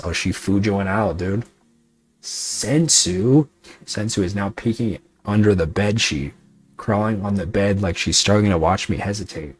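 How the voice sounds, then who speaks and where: Husky-voiced male streamer. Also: lowish voice, a little slow. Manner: playful, reacting with mild swearing. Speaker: VTuber streamer. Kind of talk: reading a game aloud on stream.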